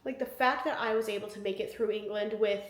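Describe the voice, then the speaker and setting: A woman's voice: mid-range voice, fairly even intonation, fast talker. A woman in her twenties talking casually to camera in a vlog, chatty and rambling with many fillers and restarts. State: tired, yawning. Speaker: vlogger. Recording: echoey room.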